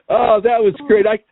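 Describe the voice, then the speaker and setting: A man's voice: very high-pitched, gravelly, no echo. A man co-hosting a review show, chatting enthusiastically with his co-host. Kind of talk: casual chat. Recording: dry tinny phone-like line.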